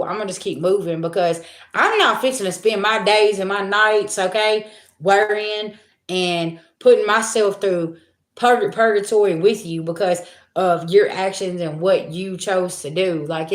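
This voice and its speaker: A woman's voice: medium pitch, fairly even intonation, normal speed. A woman giving a spiritual reading to her viewers in a casual monologue, blunt and profane, repeating herself for emphasis. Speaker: spiritual reader. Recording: echoey room.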